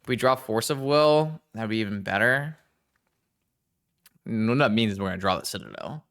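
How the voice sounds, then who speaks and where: A man giving casual live-stream gameplay commentary, thinking aloud and talking to his chat in a chatty, excitable way. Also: fairly low pitch, normal speed.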